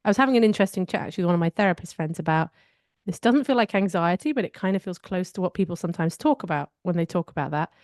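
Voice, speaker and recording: A woman's voice: fairly low pitch, lively intonation, rapid-fire, a little mellow, dry recording, studio quality. A woman co-hosting a podcast, telling personal stories in a candid, reflective way during a casual chat. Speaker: podcast co-host.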